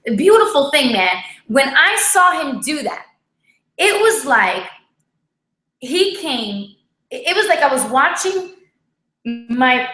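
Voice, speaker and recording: A woman co-hosting a casual livestream, telling a personal story in a lively way and often tagging her sentences with "right?". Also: on the high side. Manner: lively, repeats "check this out" and "right?". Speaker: co-host. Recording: echoey room.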